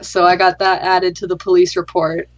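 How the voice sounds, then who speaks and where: A woman's voice: lowish voice, little pitch movement, moderate pace, lo-fi sound. A young adult woman hosting a gaming chat, telling a story casually in a dry, sarcastic way and swearing freely. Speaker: gaming channel host.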